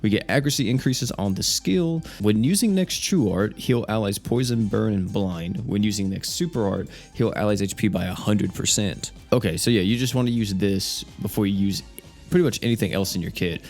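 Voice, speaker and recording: A young man giving casual, animated commentary on a mobile game update, thinking aloud and laughing now and then. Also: lowish voice, fairly quick, vocal fry, soft background music. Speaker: gaming YouTuber.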